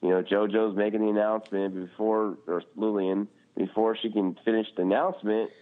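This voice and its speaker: Over a tinny line that sounds like a phone, this man chats on the podcast he co-hosts, cursing freely and leaning on "like" as filler. He speaks briskly in a lowish, animated voice.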